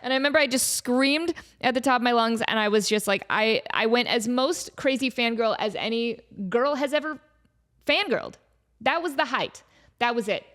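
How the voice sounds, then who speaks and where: A slightly high voice at normal speed belongs to a thirty-something woman running a solo podcast. She chats in a bubbly, playful way, using plenty of "like" and asides, and acts out excited voices when recounting stories.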